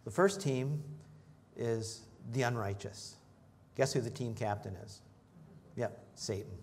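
A man preaching a sermon in a conversational way, joking with the congregation and rising in pitch and volume when he reads scripture. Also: slow pace, a little mellow. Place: church in front of a congregation.

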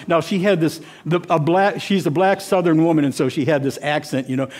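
Man, lay preacher type, sermon told as a story, slightly high voice, stops and restarts often. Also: a little mellow. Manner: halting, repeats words and restarts often. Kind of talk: informal sermon with personal story.

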